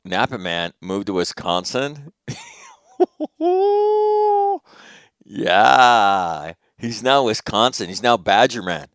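Rambling, profane radio host, low voice. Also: male voice, slow, few pauses, no echo, studio quality. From Northern California. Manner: rambling, profane, animated quoted asides. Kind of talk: casual storytelling monologue.

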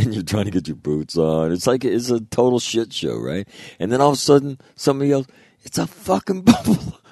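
A man with a very deep, dark voice spins old service stories, swearing freely and laughing through the punchlines. The sound is dry and close, with no room around it. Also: no room sound. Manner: profane, laughing, animated retelling. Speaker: former Marine. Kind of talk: casual storytelling.

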